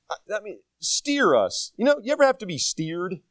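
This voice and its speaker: Folksy older preacher, lively high voice. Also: male voice, normal speed, no echo. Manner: folksy, self-deprecating preaching with rhetorical questions. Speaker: pastor. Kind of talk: sermon.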